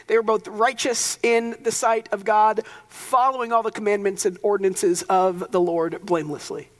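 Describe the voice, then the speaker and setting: A man's voice: high-pitched, a bit bright, long reverb tail. A young man preaching a sermon as pastor, casual and conversational, with joking asides.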